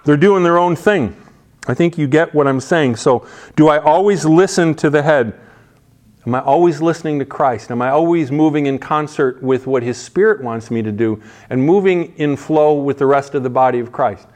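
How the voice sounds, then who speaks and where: A man's voice: a little high, normal speed. A man preaching a conversational sermon, casual and emphatic, often restarting his phrases.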